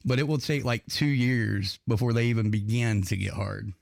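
A man's voice: medium pitch, normal speed, gravelly. A man co-hosting a casual podcast, telling crude, profane stories and laughing often. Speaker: podcast co-host.

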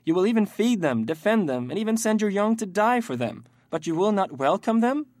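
Naive young traveler, high and sing-song, earnest questions, dry close sound. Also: male voice, very animated, brisk, a little mellow, dry recording. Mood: puzzled. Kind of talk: audio drama acting.

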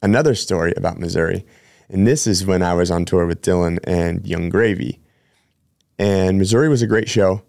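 A man who hosts a podcast, a personal trainer, tells rambling, chatty stories in a casual way, correcting himself frequently. His low-pitched voice is creaky and a little mellow, at a moderate pace. The sound is clean studio quality with no echo.

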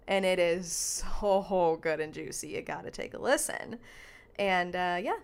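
A woman's voice: mid-range voice, clear, resonant tone. A woman co-hosting a podcast in casual chat, talking in an enthusiastic, gushing way. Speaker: podcast co-host.

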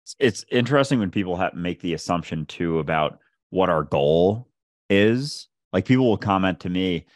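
A man's voice: low-pitched, expressive, moderate pace, no room sound. A man co-hosting a podcast in casual chat, talking in a reflective, easygoing way.

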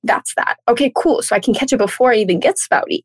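A woman, a coach speaking as a podcast guest, talking in a bubbly, animated way and playfully acting out her inner thoughts. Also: a little high, quick pace, husky, no echo. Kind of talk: casual podcast interview.

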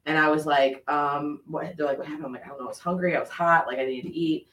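Fast-talking man telling a story in a roomy room. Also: fairly high pitch, distant mic. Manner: animated, swearing, quick storytelling. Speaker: podcast co-host. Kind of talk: casual storytelling chat. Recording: roomy sound from off the mic.

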